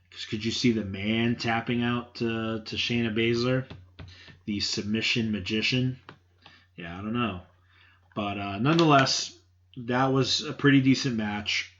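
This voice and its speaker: A man hosting a solo podcast, giving blunt, offhand opinions with casual swearing. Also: lowish voice. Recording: dull lo-fi sound.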